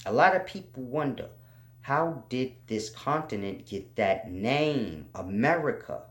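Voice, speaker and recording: Guy doing a spiritual talk, slow and repetitive, spells out letters, mid voice, echoey room. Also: medium pitch, lively intonation, fairly bright tone. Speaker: spiritual teacher. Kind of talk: informal spiritual teaching monologue. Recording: roomy echo.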